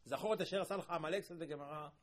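A man giving a sermon, telling stories in an animated way, repeating phrases for emphasis and raising his voice in loud bursts. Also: on the high side, racing. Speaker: rabbi teaching.

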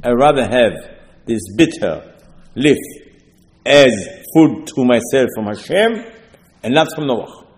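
Man, sermon, storytelling asides, mid pitch, long hall reverb. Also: animated, slow, long pauses. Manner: storytelling, conversational with asides and rhetorical questions. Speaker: rabbi.

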